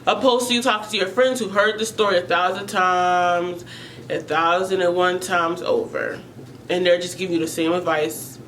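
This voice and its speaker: A woman's voice: lowish voice, a bit bright, a little hiss or hum, low-quality recording. Earnest emotional woman vlogger. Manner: earnest, emotional, repeats phrases. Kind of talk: personal vlog about mental health.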